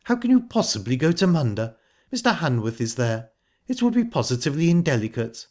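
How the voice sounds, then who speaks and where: A man's voice: mid-range voice, very animated, moderate pace, natural voice. A man doing a huffy, prim widow. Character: shallow, touchy widowed stepmother, easily offended.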